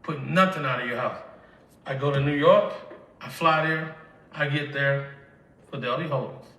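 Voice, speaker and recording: A man's voice: medium pitch, moderate pace, pushed and bright. A tearful older man with a Southern accent from Mississippi, telling his life story with emotion and acting out the conversations he recalls. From Mississippi, USA. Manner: emotional, tells events by acting out dialogue. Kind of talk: emotional personal testimony. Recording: echoey room, from a distance.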